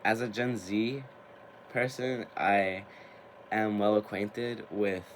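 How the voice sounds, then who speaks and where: A man in his twenties who hosts a tarot and spiritual channel, talking casually to camera, getting excited, laughing often and swearing now and then. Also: on the low side, slow pace, a little hiss or hum.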